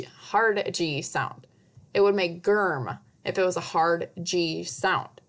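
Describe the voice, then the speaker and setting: A woman teacher giving a recorded spelling lesson to young children, repeating each word slowly and patiently. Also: medium pitch, a bit bright. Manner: slow, patient, over-enunciated word drills.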